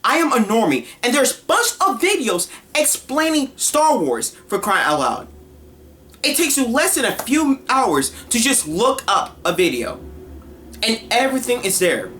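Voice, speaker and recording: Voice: medium pitch, very animated, measured pace, a bit bright, a little hiss or hum. Exasperated commentator on a blunt rant. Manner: exasperated, blunt, scolding, casual slang. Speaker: online commentator. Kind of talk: heated opinion rant.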